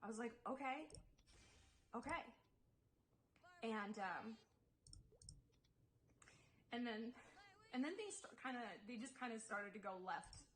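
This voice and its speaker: A woman's voice: a little high, measured pace, pauses often, slight background noise, rough recording. Upset young woman rambling about a falling-out. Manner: rambling, heavy with "like" and restarts; upset, defensive storytelling. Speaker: YouTuber. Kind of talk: confessional vlog talk.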